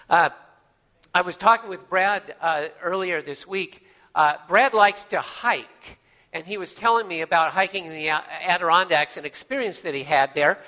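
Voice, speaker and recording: A male pastor preaches in a folksy, conversational way, full of fillers and restarts. His voice sits high and rings bright and forceful. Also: in a large hall. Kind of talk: sermon.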